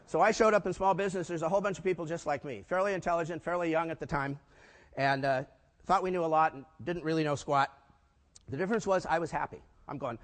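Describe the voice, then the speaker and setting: An older man tells stories to a conference audience and acts out the dialogue with lively voices. His voice sits a little high for a man. The sound carries the long reverb of a large hall. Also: fast talker. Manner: animated storyteller acting out quoted dialogue. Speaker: keynote speaker. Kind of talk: storytelling keynote talk.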